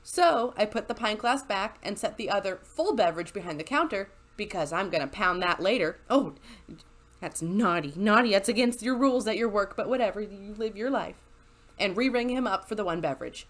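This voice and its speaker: A woman's voice: mid-range voice, lively intonation, fairly quick. A woman narrating a story into a desk microphone, chatty and sarcastic, with frequent laughs between lines. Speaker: YouTuber reading stories. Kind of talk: storytelling with asides. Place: home desk with squeaky chair.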